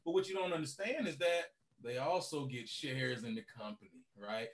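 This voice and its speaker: A man's voice: mid-range voice, moderate pace. A man who owns a car rental business, talking animatedly as a podcast guest and tagging his points with "right?". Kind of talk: casual podcast conversation.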